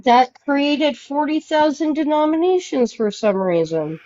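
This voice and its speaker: A woman's voice: high-pitched, expressive, unhurried, mellow. A woman on a live call making dry, mocking remarks. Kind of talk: casual debate chat. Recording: dry dull-sounding audio.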